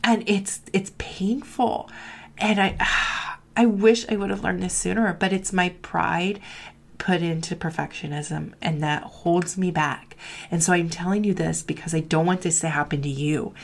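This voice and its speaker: Candid woman coaching with a low voice. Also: steady tone, moderate pace, creaky. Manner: candid, confessional, frequent "like", acts out quoted voices. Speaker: career coach for marketing students. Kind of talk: heartfelt motivational talk to listeners.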